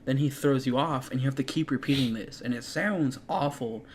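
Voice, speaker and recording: A young man co-hosting a casual gaming chat, enthusiastic and quick to laugh. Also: medium pitch, slight background noise. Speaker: co-host. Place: garage.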